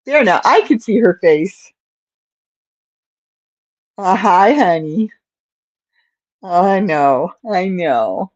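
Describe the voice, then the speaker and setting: A woman's voice: lowish voice, expressive, drawn-out words, long pauses, a little mellow. A woman hosting a casual crochet livestream, cooing in baby talk to her cat between rambling asides, on a slightly dull recording. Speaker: crochet channel host.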